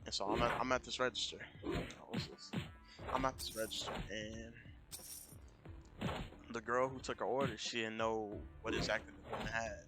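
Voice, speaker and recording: A young American man streaming, casually retelling a story in a rambling, animated way and repeating himself. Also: on the low side, moderate pace, long pauses. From United States. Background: music.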